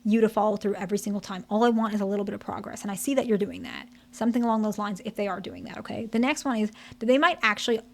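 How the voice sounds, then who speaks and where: A woman's voice: medium pitch, rapid-fire, few pauses. Frank woman therapist giving advice. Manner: direct and frank, checks in with "okay?" and "right?". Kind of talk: relationship advice talk to camera.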